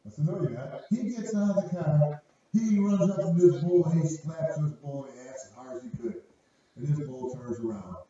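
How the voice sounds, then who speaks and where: A man's voice: fairly high pitch, brisk, mellow. An older man telling a long rambling story with lots of swearing and stammered restarts. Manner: profane, repetitive, stammering restarts. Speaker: storyteller guest. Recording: dull lo-fi audio from a far, very echoey room.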